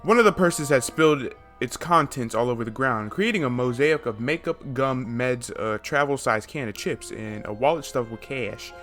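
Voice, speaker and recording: A man playing a dating game on his channel, reading the text aloud with excitable asides. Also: mid-range voice, moderate pace, few pauses, soft background music. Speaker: gaming YouTuber.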